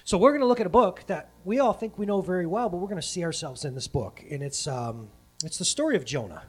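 A man with a high, expressive, slightly rough voice talks fast as he preaches a casual sermon. He retells a Bible story full of jokes and playful asides, often breaking off mid-sentence to correct himself.

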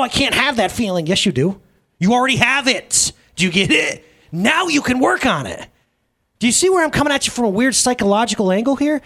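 A male pastor preaching in a lively, conversational way, often checking in with the audience through questions. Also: high-pitched. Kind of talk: sermon.

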